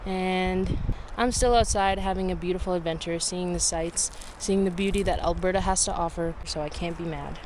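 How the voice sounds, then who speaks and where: A woman's voice: on the low side, steady tone, normal speed, hardly any pauses, a little mellow, low-quality recording. A tired woman narrating her solo cycling trip to camera, candid and reflective as she talks through her problems. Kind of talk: casual vlog narration to camera. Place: outdoors on a windy gravel road. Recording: outdoor wind noise on the mic. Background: wind and outdoor noise.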